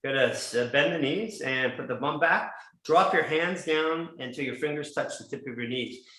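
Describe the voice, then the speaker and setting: A man leading a live fitness class, calmly cueing breathing and movement. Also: on the high side, normal speed, echoey room, low-quality recording. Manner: calm, rhythmic counting and cueing. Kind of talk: guided breathing and movement instructions.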